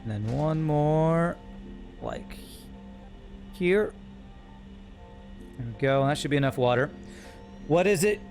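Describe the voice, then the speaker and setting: A man's voice: on the high side, slow pace, vocal fry, long pauses, darkish tone, faint music behind. A man streaming a building game, thinking aloud and correcting himself as he works through numbers. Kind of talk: live gameplay commentary.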